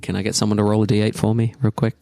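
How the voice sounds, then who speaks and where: Dry low-voiced male game master. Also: level tone, rapid-fire, creaky, mellow, no echo. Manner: descriptive, hesitant with many uhs. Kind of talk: narrating a tabletop game.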